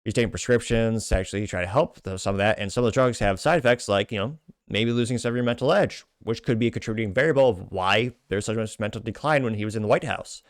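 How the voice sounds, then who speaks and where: A man's voice: lowish voice, fast talker, no room sound, studio quality. A man hosting a commentary podcast, reading social media replies aloud with sardonic asides and frequent self-corrections. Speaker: show host.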